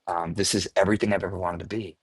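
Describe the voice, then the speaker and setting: A man with a somewhat low, husky voice spins a casual anecdote as a guest on a podcast. He is animated, laughing at his own story as it unfolds. The sound is close and dry. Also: fast, no echo. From US Midwest. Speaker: actor guest.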